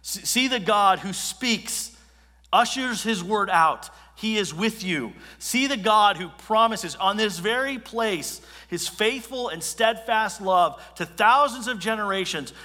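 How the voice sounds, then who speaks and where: A commanding, ancient God declares each word with emphasis, in a raised and forceful voice, as a preacher takes him on. The voice rings through a big hall and its long echo. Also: male voice, sits high, animated, unhurried, voice pushed up, heavily acted.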